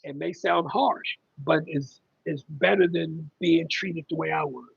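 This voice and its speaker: A man's voice: a little high, a little slow, gravelly, slightly rough, dry recording, muffled recording. A middle-aged man hosting a casual livestream about caregiving, rambling and conversational with lots of ums as he reads viewer comments.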